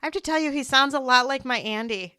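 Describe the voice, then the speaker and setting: A woman's voice: high-pitched, quick pace, sharp tone, smooth, no room sound, clean studio sound. A middle-aged woman hosting an interview podcast, chatty and upbeat as she talks with guests. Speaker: podcast host.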